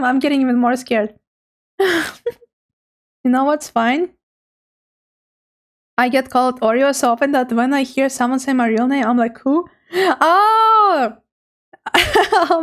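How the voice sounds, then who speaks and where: Bubbly high-voiced woman streamer. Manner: bubbly, giggly, nervously excited. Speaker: live streamer. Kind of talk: casual live-stream chat with viewers. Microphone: streaming microphone.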